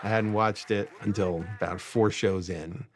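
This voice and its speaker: A man's voice: lowish voice, fairly even intonation, unhurried, background noise. A man recounting a wry anecdote in an archival interview clip.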